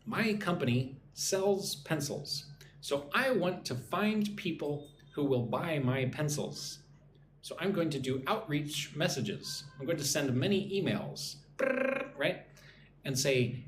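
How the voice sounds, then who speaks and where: A man teaching English on a live stream, drilling phrases slowly and greeting viewers from the chat, a little sleepy. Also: mid-range voice, big pitch swings. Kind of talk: live-streamed pronunciation lesson. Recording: echoey room with faint background noise.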